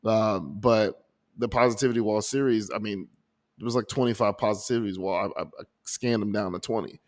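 A man's voice: fairly low pitch, fairly quick. A man hosting his own podcast, talking earnestly and emotionally about his month, often restarting his sentences. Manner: earnest, emotional, many restarts and repeated words. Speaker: podcast host. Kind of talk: reflective personal audio journal. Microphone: desk microphone.

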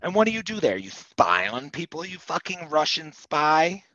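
A man's voice: a little high, sing-song, normal speed, sharp tone, dry recording. Spoiled, foul-mouthed wife, played by a man: sneering and crude, swings up and down a lot; slightly dull, dry audio. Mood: scornful. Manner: crude, sneering, swears constantly. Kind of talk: comedy sketch acting.

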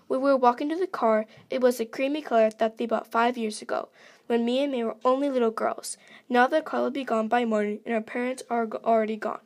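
A woman's voice: on the high side, fairly quick. A woman reading her own story aloud in a plain, earnest way, with simple phrasing.

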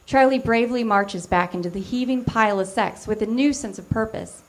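A woman giving a deadpan, matter-of-fact comic reading of fan fiction on a theater stage. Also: a little high, brisk. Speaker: reader.

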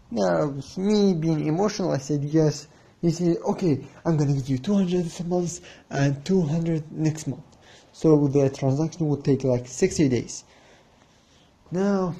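Slow, husky man telling a story. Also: medium pitch, mellow. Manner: rambling, restarts, acts out the other side of a haggle. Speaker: podcast host. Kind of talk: casual storytelling monologue.

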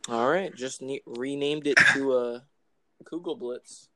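A young man co-hosting a podcast in casual chat, teasing his co-host with deadpan jokes. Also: medium pitch, a little slow. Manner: joking, teasing, deadpan banter.

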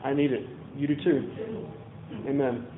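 A man's voice: medium pitch, flat delivery, unhurried, reverberant, narrow, tinny audio, a little hiss or hum. A man from Louisiana preaching a sermon in a conversational storytelling way, asking the congregation questions. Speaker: pastor.

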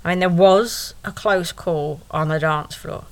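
A woman's voice: lowish voice, unhurried. A woman telling a first-person story in a wry, sarcastic way, with asides to the listener.

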